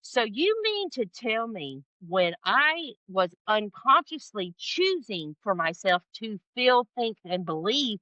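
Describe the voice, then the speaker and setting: Woman, interview guest, bright forceful voice, emphatic storytelling, slightly muffled sound. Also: fairly high pitch, takes it slowly, hardly any pauses, no echo. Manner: expressive, acts out quoted voices, emphatic repetition. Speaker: podcast guest, spiritual guide. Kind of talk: animated storytelling in conversation.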